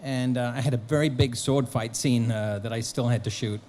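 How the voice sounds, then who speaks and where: A man at a convention Q&A with a mid-range voice, spinning an animated story in an easy, conversational flow. Faint noise sits under his voice. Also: mid-range voice, a little fast. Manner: animated storyteller, acting out quotes. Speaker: guest actor and author. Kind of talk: anecdotal convention Q&A. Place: convention hall.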